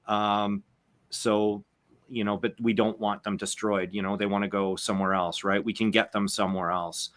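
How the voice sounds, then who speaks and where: A man's voice: lowish voice, level tone, moderate pace, a bit bright. A man from Canada hosting a casual podcast discussion, talking earnestly with frequent restarts and repeated words.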